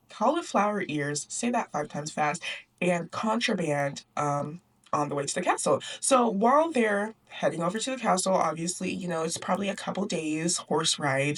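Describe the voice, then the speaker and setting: A woman's voice: medium pitch, breathy edge, distant mic. A young woman hosting a book club, recapping a story in a chatty, sarcastic way, often laughing and acting out the characters. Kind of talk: casual book recap and commentary.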